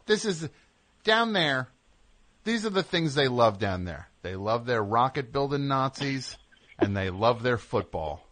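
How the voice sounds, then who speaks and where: Animated, joking male radio host. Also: medium pitch, a little slow. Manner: joking, rambling tangents, teasing. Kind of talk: comedic call-in radio banter.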